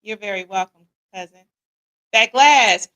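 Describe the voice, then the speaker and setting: A middle-aged woman, hosting a casual livestream and greeting viewers in a lively, slangy, playful way. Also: mid-range voice, measured pace. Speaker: podcast host.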